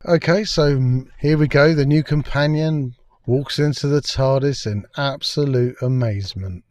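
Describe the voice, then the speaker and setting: A man's voice: medium pitch, moderate pace, a little mellow, no echo. Scornful, foul-mouthed man ranting. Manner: scornful, crude, exasperated. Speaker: TV episode reviewer. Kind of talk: ranting review commentary.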